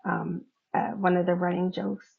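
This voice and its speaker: A middle-aged woman hosts a podcast, speaking candidly about her own feelings while laughing often and swearing casually. Her voice is fairly low, monotone and creaky at a normal speed, on a dull lo-fi recording.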